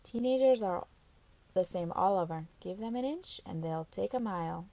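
A woman's voice: medium pitch, lively intonation, moderate pace, warm tone, natural voice. A woman voicing a teasing, motherly middle-aged female nurse in an audiobook, scolding lightly. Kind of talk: audiobook character voice.

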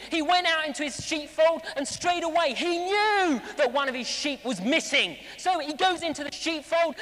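A man's voice: very high-pitched, moderate pace, hardly any pauses, slight background noise. A man preaching a sermon at a live celebration, telling stories with jokes and acted-out voices. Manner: animated storytelling, acting out voices and jokes. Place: large hall at a live celebration. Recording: long reverb of a big hall.

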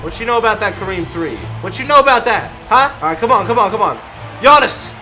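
A young man commentating his own basketball video game play, excitable and yelling at his players, then dropping to a mutter. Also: high voice, fast, music in the background. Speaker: gaming video creator. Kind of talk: live gameplay commentary.

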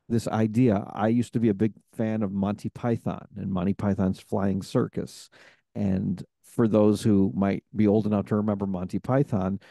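A podcast host telling stories in a casual chat, rambling with many fillers. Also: male voice, fairly low pitch, creaky, warm tone, no room sound, studio quality.

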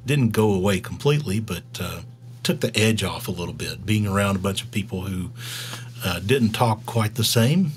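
A man's voice: fairly low pitch, expressive. A middle-aged man from Georgia with a Southern drawl, hosting a developer live stream in casual, rambling talk full of fillers. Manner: rambling, halting, with many fillers.

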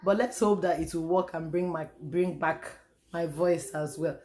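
A hoarse Nigerian woman talks to her vlog camera in a low, worn voice. She rambles casually, repeating phrases and sighing between thoughts. Her strained voice sounds close to gone. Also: fairly even intonation, normal speed, a little mellow. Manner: chatty, repeats herself, sighs and trails off. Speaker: vlogger. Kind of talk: casual home vlog chat. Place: room at home.

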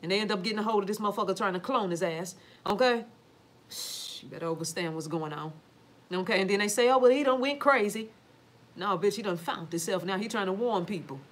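A woman's voice: mid-range voice, quick pace. A woman talking casually to viewers from home, emphatic and full of profanity. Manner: emphatic, swears freely, addresses viewers directly. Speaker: livestream talker reading viewer comments. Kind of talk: casual profane livestream monologue.

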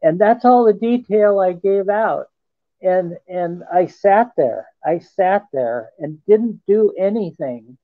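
A man, a guest in an interview, telling a first-person account in an earnest, halting way. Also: sits high, animated, no echo. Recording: tinny phone line, dry.

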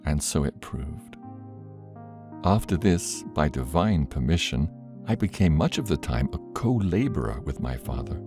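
Male audiobook narrator, very low, expressive, warm dry read, faint music. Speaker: audiobook reader. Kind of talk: scripted narration of a book.

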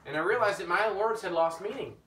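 A man preaching an informal teaching sermon, telling his own story in an animated way that rises when he gets emphatic. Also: high voice, fast talker. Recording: echoey room, mic at a distance, faint background noise.

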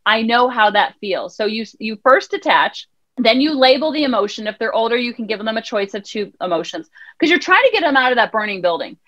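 A woman child counselor on a podcast, telling a parenting story in an animated way and acting out her son's lines. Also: a little high, brisk, rough recording. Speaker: child counselor and life coach guest. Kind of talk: podcast conversation.

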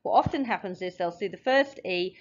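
A woman walks through a phonics lesson, sounding out each letter and syllable slowly and patiently. Her voice sits at an ordinary middle pitch. The recording is slightly dull and lo-fi. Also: animated. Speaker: teacher. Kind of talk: phonics lesson, explaining at a board.

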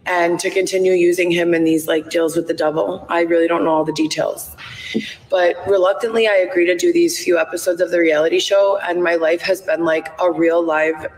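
A woman's voice: fairly low pitch, level tone, a little fast, a little mellow. A woman in her thirties talking on a live stream from her phone, rambling with lots of "like" and "um". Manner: rambling, frequent "like" and "um". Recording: echoey, roomy playback of a live stream.

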